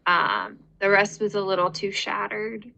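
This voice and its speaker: Slow-talking young woman with a bright voice. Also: mid-range voice, creaky, poor audio. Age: 20s. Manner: relaxed, trailing, lots of filler words. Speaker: podcast guest. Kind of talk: casual chat.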